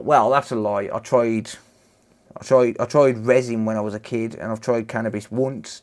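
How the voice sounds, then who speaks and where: A man from the Black Country talks through a repair job on a livestream, answering viewers as he works. His voice sits at an ordinary middle pitch. He is relaxed and chatty, and he calls everyone "mate". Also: normal speed. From Dudley, West Midlands, England. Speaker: repair streamer. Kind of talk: casual livestream chat while repairing.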